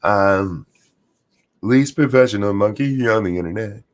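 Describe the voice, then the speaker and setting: A man's voice: on the low side, a little slow. A man hosting a casual rant stream, sarcastic and crude, rambling with many fillers, still in his morning voice. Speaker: streamer host.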